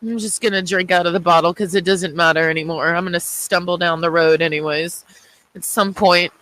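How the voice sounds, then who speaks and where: A woman's voice: on the low side, steady tone, brisk, a bit bright, low-quality recording. A tearful, distraught woman vlogging, swearing and repeating herself as she vents. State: crying. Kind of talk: emotional confessional vlog.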